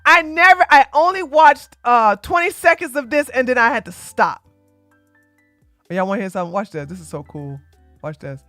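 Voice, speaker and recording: A woman hosting a livestream, talking to viewers in a blunt, emphatic and preachy way that swings from loud to quiet. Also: a little high, expressive, moderate pace, dry recording, soft background music. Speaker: livestream host. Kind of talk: casual livestream chat.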